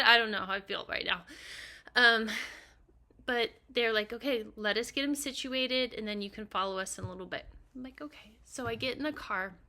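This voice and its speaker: A middle-aged woman telling an emotional personal story in an earnest, halting way, sometimes dropping to a near whisper. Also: mid-range voice, sharp tone. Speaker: vlogger recounting her husband's death.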